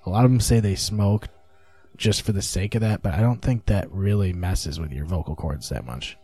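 A man in casual podcast chat, relaxed and swearing freely as he explains things at length. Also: low voice, moderate pace, faint music behind.

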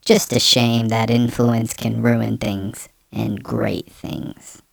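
A man voicing a bitter young man sulking over a breakup, reading slowly and flatly through a voice changer effect. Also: mid-range voice, vocal fry, no room sound, studio quality, voice pushed up. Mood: sullen, bitter. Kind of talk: mock dramatic reading of a post.

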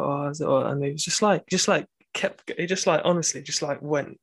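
A man's voice: a little high, fairly quick, husky, dry recording. A young man, a university student, telling a rambling story in casual chat, full of fillers and restarts.

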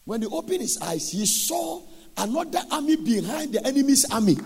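Preacher guy storytelling in a sermon, high gravelly voice, swoops up and down a lot. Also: big pitch swings, brisk. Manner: emphatic, preaching with sudden loud bursts and sing-song rises.

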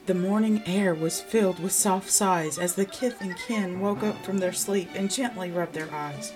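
A woman reading a children's story aloud in a gentle manner, often slowing to a soft hush. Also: lowish voice. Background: background music.

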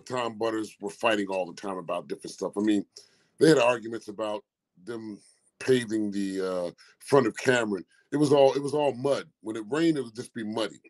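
Animated storytelling man in his sixties. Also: mid-range voice, low-quality recording. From Philadelphia. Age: 60s. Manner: animated storyteller who acts out quoted dialogue. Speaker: guest, former college basketball player. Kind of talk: casual storytelling interview.

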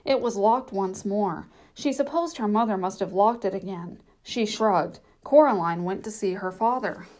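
A woman reads a children's novel aloud in a measured, storytelling way. Her voice is warm and mellow, sitting at a middle pitch. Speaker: narrator. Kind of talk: audiobook narration.

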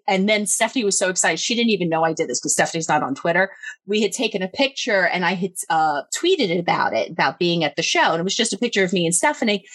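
A young adult woman telling a story in casual chat, animated and swearing freely. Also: no room sound. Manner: animated, swearing, acts out quoted voices higher.

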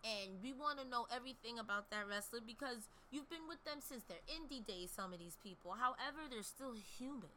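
A woman in casual talk, making measured, emphatic points. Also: fairly high pitch, lively intonation, sharp tone, a little hiss or hum. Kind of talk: casual chat.

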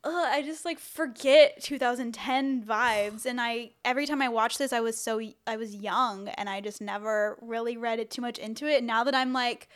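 A woman's voice: fairly high pitch, normal speed, hardly any pauses, clean tone. A young woman co-hosting a podcast, rambling casually about a movie with many fillers. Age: young adult. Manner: rambling, lots of "like", restarts. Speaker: podcast co-host.

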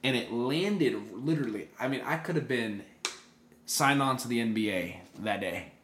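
A man's voice: mid-range voice, normal speed, slight background noise. Young man telling a story in casual chat. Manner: animated storyteller, many fillers and restarts. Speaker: podcast co-host.

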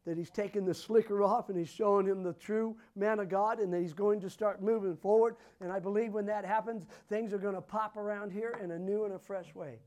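A man ministering as a prophet, praying and declaring prophetic words over people in a fervent style that builds to loud, emphatic declarations. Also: high-pitched, fairly even intonation, a little fast, few pauses.

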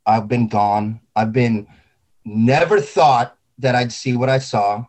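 A man's voice: medium pitch, slow, a little mellow. A man talking casually about grief, intense and rambling, swearing often. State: grieving. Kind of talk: emotional casual talk.

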